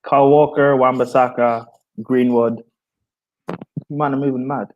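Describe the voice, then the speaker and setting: A man's voice: medium pitch, little pitch movement, measured pace, lo-fi sound. A man joining a casual football chat with brief, wry interjections, heard further from the mic.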